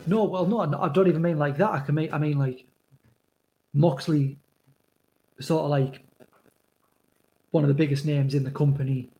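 A man's voice: fairly high pitch, fairly even intonation, normal speed, pauses often, mellow. A man from North East England with a north-east English accent, co-hosting a casual podcast chat and telling rambling stories with laughs. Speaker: podcast co-host.

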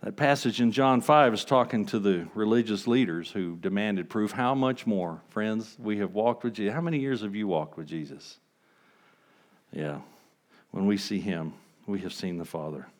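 A man preaching a sermon as pastor, conversational, asking the congregation rhetorical questions and swinging between hushed and emphatic delivery. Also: lowish voice, moderate pace.

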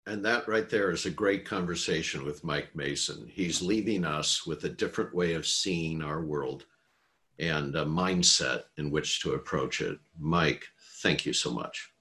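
A male host with a very deep, low voice leads an interview in a friendly way. He pauses on small fillers while framing his questions, then closes the show. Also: sharp tone. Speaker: podcast host. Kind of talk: interview hosting.

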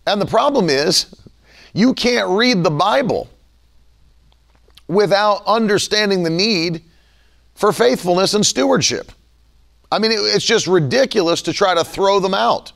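A high-pitched male preacher with a gravelly, creaky edge delivers a sermon. His pitch swings widely as he preaches, and now and then he acts out the people he quotes. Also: expressive, unhurried, fairly bright tone.

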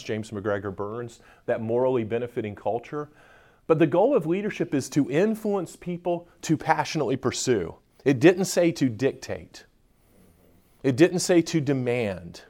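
Guy giving a conference talk to a live crowd, jokes around, talks back and forth with people, average pitch. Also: a little mellow. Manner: joking and interacting with the audience. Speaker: conference speaker. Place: conference room with a live audience.

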